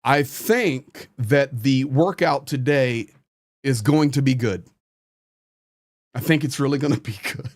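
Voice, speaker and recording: A man's voice: medium pitch, slow, long pauses. A man hosting his own channel, giving blunt, frustrated, impassioned commentary straight to the camera. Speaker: host, volunteer supporter.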